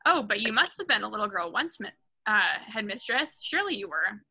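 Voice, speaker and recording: A woman's voice: mid-range voice, very animated, a little fast, pushed and bright, husky, full character voice, rough recording. A woman reading as an earnest young teacher. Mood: pleading. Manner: pleading, earnest. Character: gentle young female teacher, earnest and determined.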